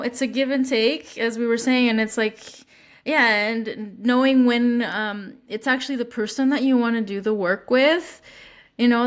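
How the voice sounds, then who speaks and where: A woman hosting a podcast, talking casually with many restarts and acting out example lines. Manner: rambling, many restarts and fillers; acts out quoted lines with lifted pitch. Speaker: podcast host. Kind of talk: casual chat.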